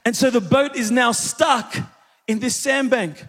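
A man's voice: extremely high pitch, a little slow, a bit bright, in a large hall. A man preaching a sermon in a church, telling a story with energy and calling out to the congregation. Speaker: pastor.

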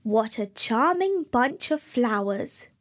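A woman voicing a sly, scheming male wolf who speaks slowly and smoothly. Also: fairly high pitch, expressive. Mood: coaxing.

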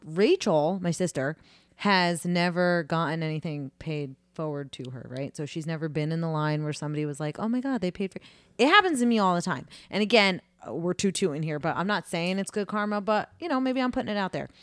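A woman co-hosting a casual podcast, bubbly and quick to laugh as she retells her stories with drama. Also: on the low side, animated, no room sound. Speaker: podcast co-host. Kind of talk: casual chat. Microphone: desk mic on arm.

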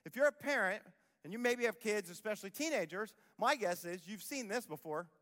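A man's voice: high-pitched, expressive, fairly quick, a bit bright, big-room sound. A man preaching a sermon as pastor, emphatic, repeating key phrases and acting out the voices of people he quotes. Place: church auditorium.

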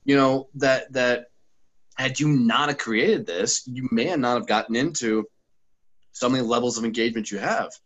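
A man's voice: medium pitch, normal speed, fairly bright tone, low-quality recording. A man, a podcast guest and former sales trainer talking bluntly and profanely in a casual interview, full of anecdotes.

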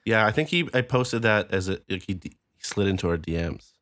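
A man's voice: fairly low pitch, expressive, fairly quick, a bit bright. A man co-hosting a film podcast, chatting casually and enthusiastically. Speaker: podcast co-host.

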